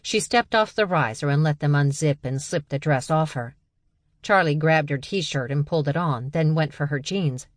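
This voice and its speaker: Low-voiced woman narrating an audiobook. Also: no echo, clean studio sound. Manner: even, measured storytelling.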